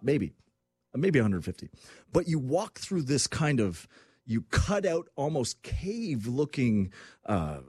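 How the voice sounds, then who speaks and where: A man hosting a radio talk show, talking in an energetic, rambling way. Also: medium pitch, breathy edge, no echo. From Canada. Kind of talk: fast casual radio talk.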